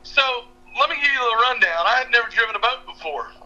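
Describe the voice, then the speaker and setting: A young fishing guide and podcast regular with a drawl laughs while telling a fishing story on a muffled phone call. His very high-pitched voice is expressive and sharp, and he talks fast, with soft music playing in the background.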